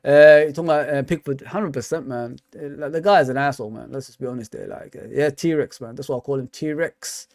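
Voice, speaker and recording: A man's voice: medium pitch, fairly quick, hardly any pauses, a little mellow, dry recording, clean studio sound. A young man hosting a football fan stream, rambling and repeating himself in loose slangy chat. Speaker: fan channel host. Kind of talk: casual live stream chat.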